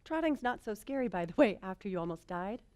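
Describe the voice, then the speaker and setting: A woman telling a personal story in a talk, animated and self-mocking, swinging between hushed lines and loud bursts. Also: mid-range voice, fast. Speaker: speaker.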